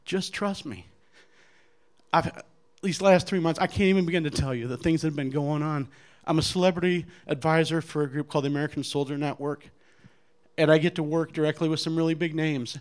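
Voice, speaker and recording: A man giving an earnest personal faith testimony to an audience, animated as he acts out other people's lines, with frequent restarts. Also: on the high side, quick pace. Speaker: guest speaker giving testimony.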